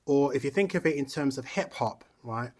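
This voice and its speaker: A man's voice: mid-range voice, moderate pace, a little mellow. A man hosting a commentary video. He reads an article aloud, adds casual asides with tags like "right?" and "yeah?", and speaks with passion and indignation, repeating phrases for emphasis. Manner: conversational, checks in with listener tags. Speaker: commentary channel host.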